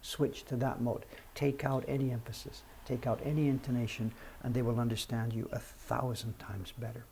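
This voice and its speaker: A man's voice: mid-range voice, flat delivery, normal speed, vocal fry, a little mellow, slight background noise. A man in his seventies chatting casually on his livestream, frank and self-deprecating as he answers viewers' questions. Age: 70s. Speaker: livestream host.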